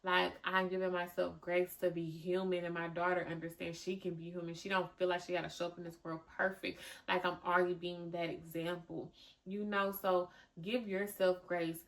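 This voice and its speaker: Woman, podcast host, fairly low voice, casual monologue, frank and conversational, repeats for emphasis. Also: little pitch movement, moderate pace. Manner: prays aloud in a softer voice.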